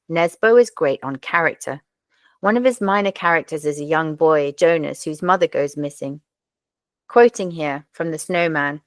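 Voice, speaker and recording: A woman's voice: deep voice, no room sound. A woman hosting a podcast, reviewing crime novels in a wry, self-deprecating scripted talk. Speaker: podcast host.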